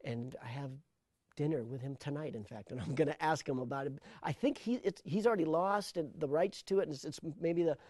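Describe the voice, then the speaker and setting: Animated middle-aged man, dry sound. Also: fairly high pitch, fairly quick, dry recording. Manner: animated storyteller, repeats words when starting thoughts. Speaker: sound designer. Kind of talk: interview conversation.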